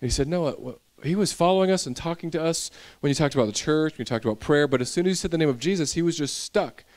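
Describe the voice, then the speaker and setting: A man's voice: on the high side, quick pace, a little mellow. A young male pastor preaching a sermon, telling a personal story and building into intense preaching.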